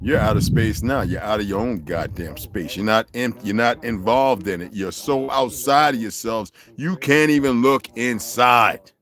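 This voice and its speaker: A man's voice: lowish voice, moderate pace, hardly any pauses, fairly bright tone. A man hosting a livestream, ranting in a profane, preachy, confrontational way and greeting viewers by name. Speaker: livestream host. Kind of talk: livestream rant.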